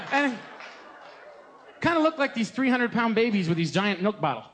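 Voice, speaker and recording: Animated young man preaching live. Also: high voice, fairly quick, long pauses, slight background noise. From United States. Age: 20s. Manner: animated, joking, mimics voices. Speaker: gospel singer preaching. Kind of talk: live sermon talk. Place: live concert venue.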